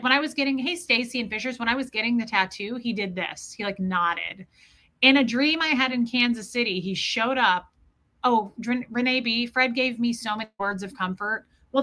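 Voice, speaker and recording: A woman's voice: fairly high pitch, pushed and bright. A woman hosting a live stream, telling a personal story in an earnest, casual way and greeting viewers by name.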